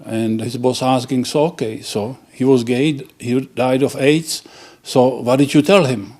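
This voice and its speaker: Man, joke teller, halting, restarts words, mid-pitched. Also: fairly even intonation, darkish tone. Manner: halting, restarts words, laughs at own punchlines. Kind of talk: telling dirty jokes.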